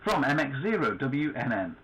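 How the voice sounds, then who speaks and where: Lively-voiced man hosting a radio net. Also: mid-range voice, moderate pace, low-quality recording. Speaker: net control host. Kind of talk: casual radio chat.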